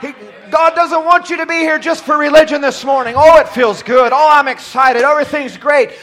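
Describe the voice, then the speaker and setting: A man preaching a sermon from a church pulpit, shouting at times and dropping low at others, often stumbling over his words. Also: fairly even intonation, normal speed. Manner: impassioned, swings from shouting to near-quiet.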